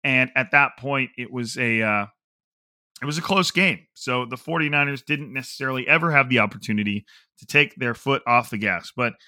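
Man, podcast host, bright voice, dry close sound, chatty and digressive. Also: mid-range voice, no echo. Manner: quick, chatty, digressive with fillers. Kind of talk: casual sports podcast talk.

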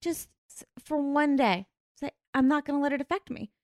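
Female podcast co-host, new mom; blunt, casual, slightly high voice, dry close sound. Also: moderate pace, dry recording. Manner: blunt, swears, reacts with laughs. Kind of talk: candid casual chat.

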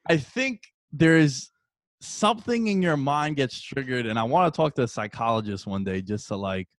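A man in his early thirties hosting a casual sports chat, telling stories with animated energy, swearing and calling his co-host dude. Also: medium pitch, moderate pace, no echo.

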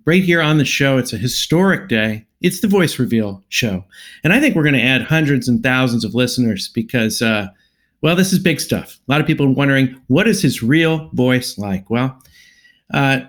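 A man hosting a comedy podcast, announcing dates and building a bit in a deadpan, mock-grand way with plenty of "uh"s. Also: medium pitch. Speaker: podcast host. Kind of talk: casual comedy podcast talk.

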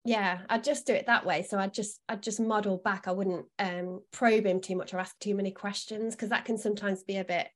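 Calm woman giving early learning advice. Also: mid-range voice, a little fast, hardly any pauses. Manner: calm, reassuring advice giver. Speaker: early learning expert guest. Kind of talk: casual podcast chat.

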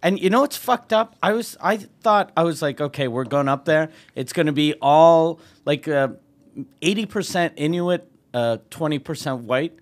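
A man telling a profane comic road story as a podcast guest, animated and laughing often. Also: fairly high pitch, normal speed. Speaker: comedian guest.

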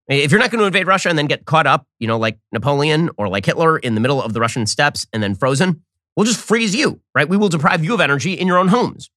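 Fast sarcastic male political host. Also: no echo, studio quality. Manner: mocking, rapid-fire, animated pitch swings.

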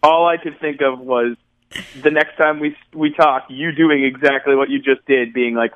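A man's voice: medium pitch, steady tone, moderate pace, narrow, tinny audio. A man co-hosting a podcast, wry and teasing, talking casually with many fillers. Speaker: podcast co-host. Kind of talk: casual chat.

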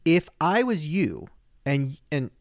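A young man co-hosting a podcast, telling stories in casual banter with emphatic, animated delivery. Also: a little high, slow, creaky, no room sound, clean studio sound. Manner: animated, emphatic storytelling with quoted voices. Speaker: podcast co-host.

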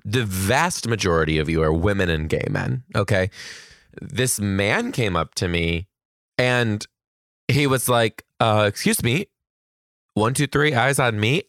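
Man, podcast host, campy and playful, low voice, dry close sound. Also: fairly bright tone, no echo. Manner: campy, playful, big swoops in pitch. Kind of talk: solo podcast chat.

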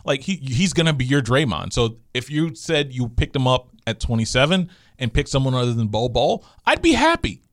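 A man's voice: mid-range voice, very animated, normal speed, hardly any pauses, dry recording, clean studio sound. A man co-hosting a casual sports podcast, sarcastic and riled up, mocking other people's jokes. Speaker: podcast co-host.

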